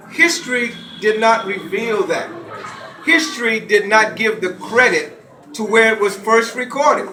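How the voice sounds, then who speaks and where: Middle-aged guy lecturing a crowd, high bright voice, echoey hall with faint hum. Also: unhurried. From Gullah Geechee coast of the US. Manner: animated, leads call-and-response. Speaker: lecturer and author. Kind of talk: lecture to a live audience. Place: college hall, indoors.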